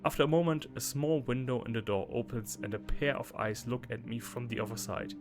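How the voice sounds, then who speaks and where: A man hosting a let's play, reading game text aloud and breaking into loud, laughing asides. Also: mid-range voice, brisk. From Germany. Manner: laughs often, bursts into loud playful reactions between calm read-outs. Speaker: gaming channel host. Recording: game music clearly behind the voice.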